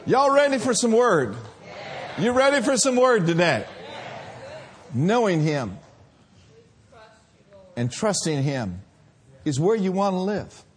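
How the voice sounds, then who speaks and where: A middle-aged male pastor preaching a sermon in a church, animated and laughing as he calls out to the congregation. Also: high voice, slow, pauses often.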